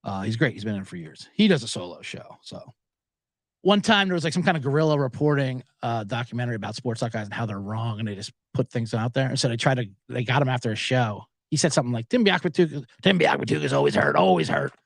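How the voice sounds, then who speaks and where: A man's voice: medium pitch, fast, no room sound. An American man hosting a solo betting podcast from a small booth, rambling in a profane, self-deprecating way. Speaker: podcast host.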